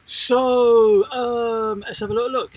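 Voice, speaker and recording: A man co-hosting a casual live-stream chat about sailing, animated and jokey, reading out viewer comments. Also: extremely high pitch, slow pace, no echo, poor audio. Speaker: sailing channel co-host.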